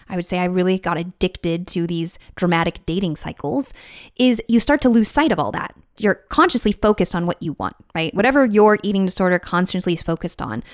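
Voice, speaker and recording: Earnest woman in a dry close room. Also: dry recording. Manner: earnest and encouraging, acts out inner voices with big pitch jumps. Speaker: podcast host and recovery coach. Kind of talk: solo podcast talk. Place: room with a whiteboard.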